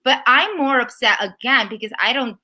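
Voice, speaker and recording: A woman co-hosting a casual recap chat, ranting animatedly and mocking people with quick impressions. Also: fairly high pitch, lively intonation, pushed and bright. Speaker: podcast co-host.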